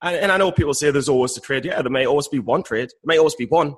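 A man's voice: fairly high pitch, racing, slightly rough. A man co-hosting a podcast, chatting casually about trading in a rambling, jokey way and often repeating himself. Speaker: podcast co-host.

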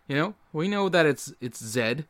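A man's voice: fairly high pitch, lively intonation, moderate pace, fairly bright tone. A Canadian man co-hosting a casual podcast, joking, laughing and giving firm opinions. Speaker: podcast co-host. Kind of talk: casual chat.

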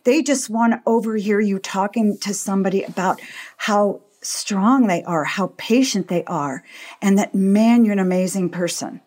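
Older female guest, medium pitch, confident and animated parenting expert. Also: unhurried. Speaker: guest, physician and parenting author. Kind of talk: conversational interview.

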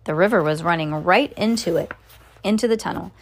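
A woman's voice: lowish voice, fairly quick. A woman reading a children's book aloud in a casual way, correcting slips and adding asides. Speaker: reader.

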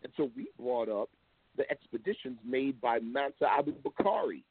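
A man's voice: medium pitch, animated, moderate pace, breathy edge, dry recording. A man talking as a guest on a call-in show, emphatic and telling stories with acted-out quotes. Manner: emphatic, acts out quotes, laughs often. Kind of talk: animated storytelling talk. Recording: thin phone-like line.

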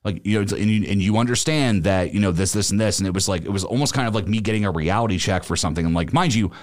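Man, podcast host, casual rambling storyteller, lowish voice, dry close sound. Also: very fast, no room sound. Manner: rambling, with many restarts and "like" fillers.

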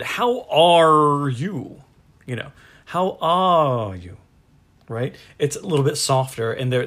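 A man co-hosting a casual podcast chat, rambling through his thoughts with frequent restarts. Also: medium pitch. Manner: rambling, laughs often, restarts. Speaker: podcast co-host.

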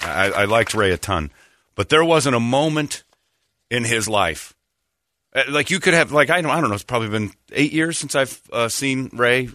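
A man hosting a morning radio show, chatting casually with rambling, animated storytelling. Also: medium pitch, normal speed, dry recording, a faint crowd. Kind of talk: casual chat.

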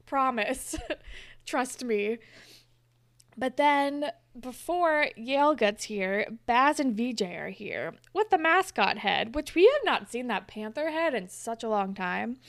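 Animated young woman recapping a show. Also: on the high side, measured pace, vocal fry, hardly any pauses, no echo. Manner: animated retelling, acts out characters' lines. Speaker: podcast co-host recapping a TV episode. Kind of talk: casual chat.

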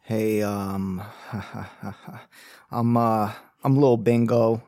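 A man's voice: on the low side, little pitch movement, dark tone, dry recording, studio quality. A man playing a hesitant young alligator derby rider in a tabletop murder mystery game. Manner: halting, hesitant, full of fillers.

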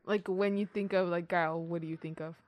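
A woman's voice: fairly low pitch, steady tone, brisk, a little mellow, no room sound. A young woman co-hosting a podcast, chatting casually with friends, giggly and teasing. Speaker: podcast co-host. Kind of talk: casual chat among friends.

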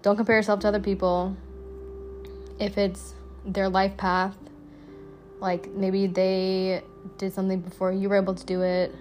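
A young woman hosts her solo podcast in a loose, unscripted ramble. She is blunt and profane, leaning on "like" between thoughts, with soft music faintly under her voice. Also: medium pitch, monotone, normal speed, long pauses. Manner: blunt, profane, chatty with frequent "like" fillers. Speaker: podcast host. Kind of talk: casual solo podcast monologue.

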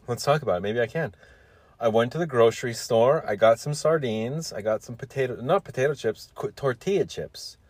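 A man's voice: mid-range voice, fairly quick, a little mellow, no room sound. A young man hosting his own solo podcast, rambling through a grocery story and teasing himself as he goes. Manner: joking, self-teasing, meandering. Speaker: podcast host.

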